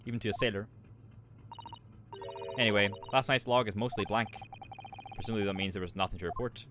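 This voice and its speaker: A man reading the lines of a polite, formal young woman assistant in a measured tone, close to his own voice. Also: fairly low pitch, background noise, close to an everyday voice. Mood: composed.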